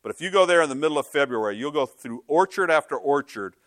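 A man's voice: on the high side, animated, fast, fairly bright tone, dry recording, clean studio sound. A middle-aged male pastor giving a conversational sermon in a church, joking and acting out other people's voices.

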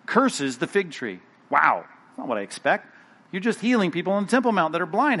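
A middle-aged man, a pastor, preaching an animated, conversational sermon with acted asides. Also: high-pitched, fairly quick.

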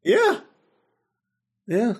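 A man hosting a podcast, retelling an episode in casual chat, animated and full of fillers and laughter. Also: very high-pitched, very slow, creaky, husky. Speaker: podcast host.

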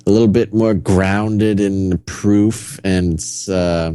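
A sarcastic male podcast co-host with a deep, mellow voice. He speaks wryly and chuckles as he goes, recorded dry and close with no room sound. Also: fairly even intonation, takes it slowly, clear, resonant tone, no echo. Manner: sarcastic, laughing, wry. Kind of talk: casual conspiracy-theory chat.

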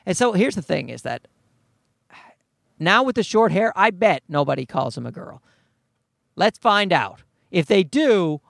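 A man's voice: high voice, vocal fry, a bit bright, no echo, clean studio sound. A man, a father of a toddler, ranting in an exasperated, profane comedic monologue.

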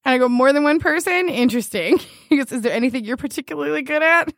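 A woman's voice: high voice, expressive, fast talker, a bit bright, no room sound, clean studio sound. A young woman co-hosting a podcast, telling a dating story in casual chat, quoting messages and laughing often. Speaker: podcast co-host.

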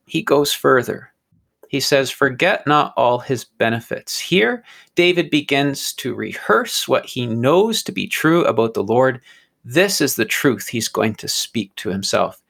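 Earnest man with a gravelly voice. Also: medium pitch, fairly bright tone. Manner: earnest, stumbles and repeats small words. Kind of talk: conversational Bible teaching.

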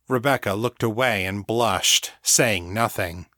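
A man narrates a fantasy serial in a steady, even reading voice. His pitch sits in the middle range. The recording is close and dry, with no room sound. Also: a little slow, dry recording. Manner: steady, even storytelling read. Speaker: audiobook narrator. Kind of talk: scripted narration.

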